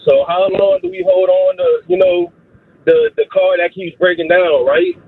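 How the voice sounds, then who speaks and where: A man in his thirties calls a radio show, rambling and hesitant as he talks. His voice is husky and sits a little high, and it comes through a tinny phone line. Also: huge pitch swings, moderate pace, dry recording. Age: 30s. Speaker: caller. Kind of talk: call-in phone chat.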